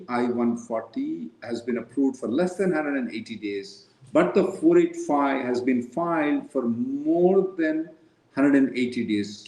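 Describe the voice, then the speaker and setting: A man's voice: mid-range voice, dark tone, roomy sound, poor audio. A man answering viewer questions as a regular on a live Q&A show, restating each question and thinking aloud with some hesitation.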